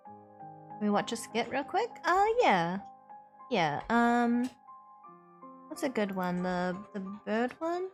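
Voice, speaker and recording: A woman streamer who chats casually, thinks aloud and muses in an unhurried way. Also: on the high side, soft background music. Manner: musing, relaxed and unhurried.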